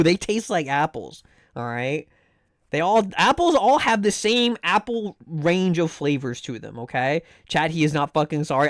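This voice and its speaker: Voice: medium pitch, lively intonation, moderate pace, no room sound, studio quality. A young adult streamer chatting casually on a live stream, ranting animatedly and swearing between game guesses.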